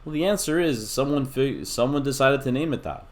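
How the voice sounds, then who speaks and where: A man's voice: mid-range voice, animated, a little fast. A middle-aged man teaching a recorded math lesson, explaining step by step in a patient, casual way with small asides. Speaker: math instructor.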